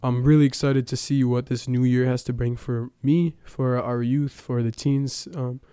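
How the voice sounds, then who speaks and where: A man's voice: mid-range voice, fairly even intonation, normal speed, warm tone, smooth, dry recording, clean studio sound. A young man giving a casual personal testimony at church, telling his story with lots of fillers and quoted dialogue.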